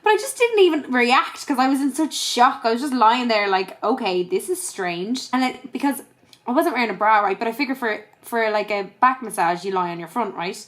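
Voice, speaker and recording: A woman's voice: a little high, lively intonation, brisk, fairly bright tone. A woman, sounding tired, chatting casually in a vlog and telling a story full of swearing and "like". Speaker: vlogger. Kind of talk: casual chat.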